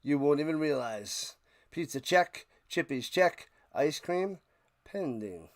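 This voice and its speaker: High-voiced excitable man ranting over football. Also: takes it slowly. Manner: excitable, swings from ranting shouts to low mutters; repeats himself while ranting. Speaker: watch party streamer. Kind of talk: live play-by-play and reaction commentary.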